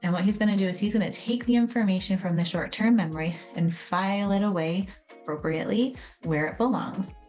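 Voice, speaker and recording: A woman's voice: medium pitch, fairly quick, a little mellow, faint music behind. A woman explaining how memory works in a casual, conversational way, acting out little scenes as she goes. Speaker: educator explaining memory and trauma. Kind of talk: explanatory video talk.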